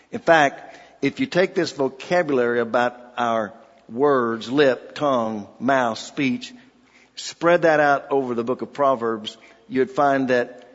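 Slow-preaching man in a reverberant hall. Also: mid-range voice, muffled recording. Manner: slow, deliberate preaching with personal stories and read scripture. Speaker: pastor. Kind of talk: sermon.

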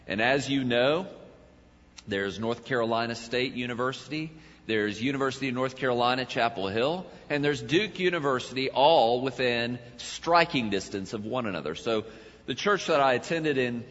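A male pastor, preaching a sermon in a dramatic way, swelling to loud cries and then dropping low. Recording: dull lo-fi sound with long hall reverb.

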